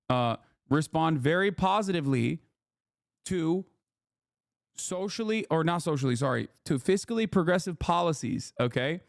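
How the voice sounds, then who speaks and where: A man's voice: a little high, no echo, clean studio sound. Ranting, swearing male streamer. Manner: heated, ranting, heavy swearing; emphatic, repeats "okay?". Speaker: streamer and political commentator. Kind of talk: live-stream political commentary.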